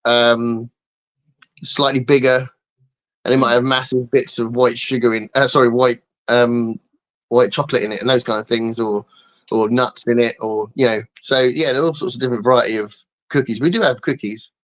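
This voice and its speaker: A man's voice: medium pitch, fairly even intonation, moderate pace, a bit bright. Rambling English man chatting casually. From England. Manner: rambling, self-mocking, laughs often. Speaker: guest co-host. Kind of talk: casual live-stream chat.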